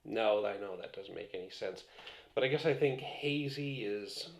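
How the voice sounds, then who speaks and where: A man's voice: fairly low pitch, normal speed. A man rambling casually through a beer review vlog, a few beers in and swearing now and then.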